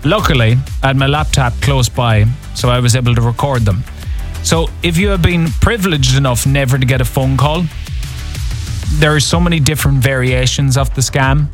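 A man's voice: medium pitch, moderate pace, faint music behind. A man hosting an evening radio show, telling a story in a chatty, casual way. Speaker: radio host.

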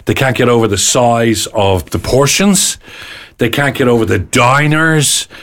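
A man with an Irish accent hosting a casual radio chat show, lively and rambling. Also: medium pitch, unhurried. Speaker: radio host.

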